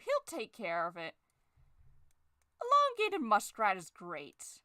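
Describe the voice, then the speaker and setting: A young woman chatting casually while she draws, sarcastic, swearing freely, and jumping into shrill forced cheer. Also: sing-song, moderate pace, bright, forceful tone, dry recording, clean studio sound. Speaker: drawing vlogger. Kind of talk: casual chat while drawing.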